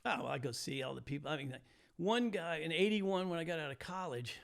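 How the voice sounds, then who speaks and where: A gravelly, slightly high voice belongs to a man in his sixties from the United States. He is a guest on a chat show, telling stories in a lively way and laughing often. His talk is loose and friendly. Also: fast talker. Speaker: guest, former high school teacher. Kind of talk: casual storytelling chat.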